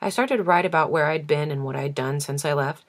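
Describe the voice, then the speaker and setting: A woman reading a novel aloud as an audiobook, measured and intimate. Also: low voice. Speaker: audiobook reader.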